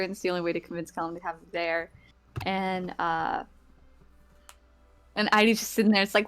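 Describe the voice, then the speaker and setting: A woman's voice: fairly low pitch, normal speed, long pauses, clear, resonant tone. A woman giving a rambling, casual recap of the last tabletop game session, full of fillers and acted-out lines from her friends.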